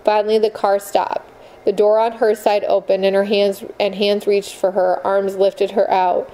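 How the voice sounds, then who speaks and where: A woman narrates a novel aloud with measured, expressive pacing. Her voice is warm and mellow, sitting at a middling pitch. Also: poor audio. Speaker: audiobook narrator. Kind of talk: scripted narration.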